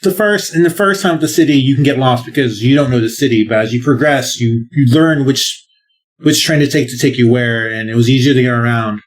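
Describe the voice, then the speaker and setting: A man's voice: medium pitch, a little fast. Rambling casual man on a podcast. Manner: rambling, hesitant, casual swearing. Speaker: podcast co-host. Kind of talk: casual game review chat.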